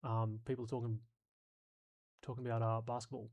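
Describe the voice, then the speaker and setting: A man's voice: mid-range voice, level tone, normal speed, a little mellow. An Australian man hosting a live stream, reading chat comments and talking through ideas in a sweary, exasperated way.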